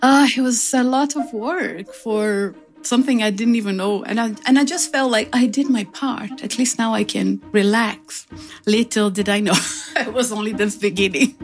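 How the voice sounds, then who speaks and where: A woman's voice: a little high, normal speed. A woman, a radio interview guest, telling stories. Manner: emotional, animated storytelling.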